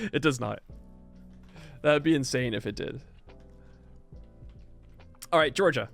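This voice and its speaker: A man's voice: mid-range voice, slow, vocal fry, fairly bright tone, faint music behind. A man streaming live, chatting casually and reacting to his chat as he reviews a game patch, rambling and stop-start, sometimes insistent.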